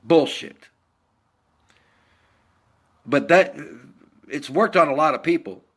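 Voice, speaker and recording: Middle-aged American veteran, blunt and heated, a bit high-pitched, hammers points twice. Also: male voice, moderate pace, fairly bright tone, breathy edge. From United States. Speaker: Navy veteran vlogger. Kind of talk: angry political rant.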